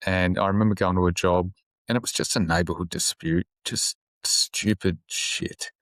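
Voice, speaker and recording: A police officer telling a story on a podcast in a casual, halting way, with many fillers and restarts and easy swearing. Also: male voice, low-pitched, fairly even intonation, no echo.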